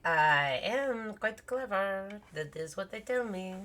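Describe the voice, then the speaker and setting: A woman's voice: mid-range voice, expressive, pushed and bright. A woman voicing a sly, clever little cat who taunts the players from a tree in a tabletop game. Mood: smug. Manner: smug, drawn-out taunting.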